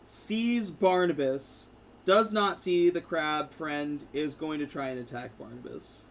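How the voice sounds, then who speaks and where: A man narrating a tabletop game as game master, in a casual, halting way with fillers. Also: a little high, slight background noise.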